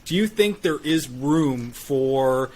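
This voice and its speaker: A man's voice: medium pitch, lively intonation, slow pace, a little mellow. A man from northern Canada hosting a podcast, talking in a rambling, friendly way with many fillers. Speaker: podcast host. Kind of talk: casual interview chat.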